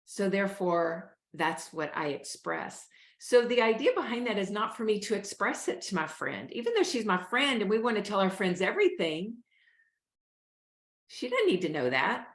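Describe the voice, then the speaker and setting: A woman's voice: medium pitch, very animated, normal speed. A woman, hosting a motivational talk and coaching listeners on stress in an earnest, encouraging way. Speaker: show host and wellness coach. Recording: roomy echo.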